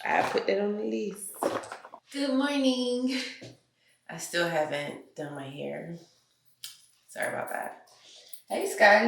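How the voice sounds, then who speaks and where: A woman's voice: low-pitched, creaky, pushed and bright, echoey room. A young woman, just out of bed, chatting casually to her viewers while she cooks and unboxes things in her kitchen at home. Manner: chatty, talks to viewers as y'all and girl, loose casual grammar. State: just woke up. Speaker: vlogger. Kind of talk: casual chat to camera.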